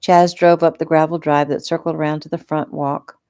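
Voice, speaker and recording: A woman reading her own novel aloud in a relaxed, unpolished, casual way. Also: low voice, fairly quick, clear, resonant tone. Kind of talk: casual audiobook narration.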